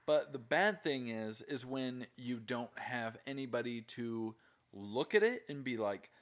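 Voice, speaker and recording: A man talks about a movie in a loose, casual way, at an ordinary middle pitch. He swears often and is blunt about what he dislikes, speaking openly and critically. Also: expressive, measured pace.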